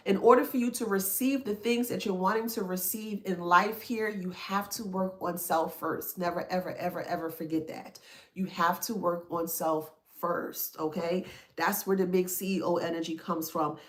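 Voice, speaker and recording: A woman's voice: lowish voice, steady tone, normal speed. A woman giving a spiritual self-help talk to her viewers. She talks emphatically, in a preachy way, repeats points and checks in with "that makes sense?". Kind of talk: motivational talk to camera.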